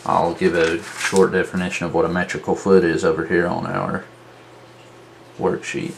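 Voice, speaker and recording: A man teaching a tutorial at a worksheet, talking slowly and drawing out syllables to show their stress. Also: sits low, level tone, vocal fry, a little hiss or hum. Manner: slow, deliberate, drawn-out syllables. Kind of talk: whiteboard tutorial.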